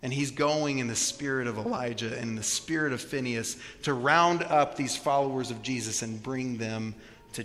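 A man in his thirties preaching a sermon in church, telling stories and shifting between hushed, slow passages and loud, emphatic ones. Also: mid-range voice, slight background noise. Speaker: pastor. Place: church sanctuary. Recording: long reverb of a large hall.

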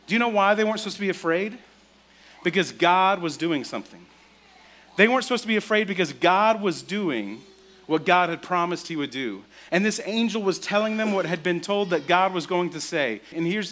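A man preaching a sermon in a church, telling stories conversationally, often asking "right?" and dropping to a hushed voice to stress a point. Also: high voice, animated, a little fast. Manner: drops to a soft, hushed voice for emphasis. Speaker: pastor.

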